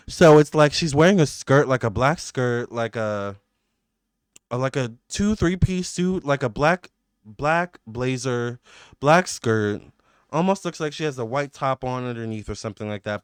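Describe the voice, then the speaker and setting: A man's voice: medium pitch, smooth, no room sound, clean studio sound. A man giving a casual psychic tarot reading to his viewers, rambling with many fillers and restarts, emphatic and indignant. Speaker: tarot reader.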